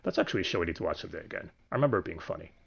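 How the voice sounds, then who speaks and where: A man hosting a casual, profane review of an anime dub, sardonic and quick to laugh. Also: low voice, animated, creaky, breathy edge. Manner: sardonic, swears freely, laughs often.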